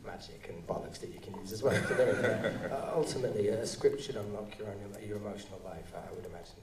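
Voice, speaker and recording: A male actor answering audience questions at a live screening, talking in halting, rambling bursts with many restarts. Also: on the low side, recorded from a distance, over a noisy crowd. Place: cinema auditorium. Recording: roomy hall sound, voice from off-mic.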